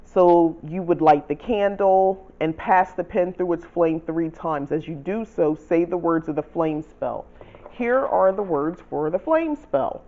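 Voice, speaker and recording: A man hosting his own channel, casually walking viewers through rewriting a spell, chatty and self-correcting, reading spell lines out slowly. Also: on the high side, lo-fi sound. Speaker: channel host teaching spell writing. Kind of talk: casual how-to explanation.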